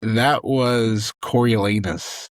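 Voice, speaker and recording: A young man from Southern California, a guest actor and comedian telling a story on a podcast in a casual, profane, animated way. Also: on the low side, takes it slowly, no room sound. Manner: animated, profane, acts out quoted lines.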